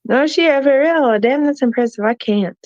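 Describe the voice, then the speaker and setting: A woman's voice: sits high, moderate pace, darkish tone, no echo, lo-fi sound. A woman hosting a casual livestream, taunting and cursing at people in her chat. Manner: taunting, profane, laughing at chat. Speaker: livestream host.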